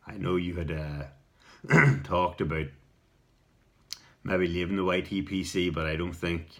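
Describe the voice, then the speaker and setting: A middle-aged Irish man telling a rambling personal story in a casual vlog, repeating words and clearing his throat now and then. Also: low voice, a little slow, a bit bright. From Ireland. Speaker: video response storyteller.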